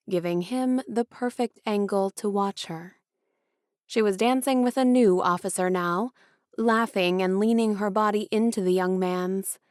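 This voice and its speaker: A woman narrating an audiobook in a measured storytelling style. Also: medium pitch, dry recording, studio quality.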